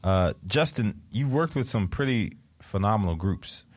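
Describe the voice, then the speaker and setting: A man's voice: fairly low pitch, animated, normal speed, slightly rough, no room sound. A man hosting a casual radio show in a studio, joking and laughing often with lots of fillers.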